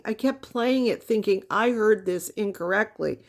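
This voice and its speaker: A woman's voice: medium pitch, moderate pace, few pauses. A woman giving casual explanatory commentary, wry and teasing, often asking rhetorical questions.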